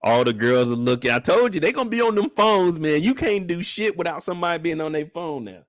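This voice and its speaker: A man casually recapping a show on a live stream, talking in an animated way and acting out the characters in exaggerated high voices, with a relaxed way of speaking. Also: fairly quick, few pauses, no echo, studio quality.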